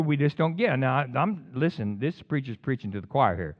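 A man's voice: mid-range voice, expressive, brisk, hardly any pauses, highs cut off. A man preaching a sermon in a fired-up, rambling way, with jokey asides and sudden bursts of emphasis.

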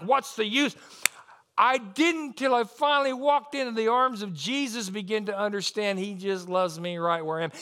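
A man's voice: very high voice, sharp tone. A middle-aged male preacher delivering a passionate, emotional sermon, often tearful and laughing between lines.

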